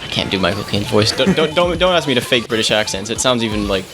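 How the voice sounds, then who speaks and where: A young man talks fast and loose over game music, tripping over his words and starting again as he chats about the game. His voice sits a little low. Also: expressive. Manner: fast, rambling, stumbles and restarts often. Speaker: let's play co-host. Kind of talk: casual gaming chat.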